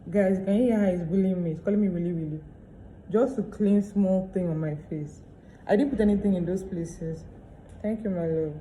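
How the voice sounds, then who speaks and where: A woman's voice: mid-range voice, moderate pace, warm tone, a little hiss or hum. A pregnant woman with a Nigerian English accent, chatting candidly to her camera at home in a casual vlog. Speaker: vlogger. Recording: roomy echo.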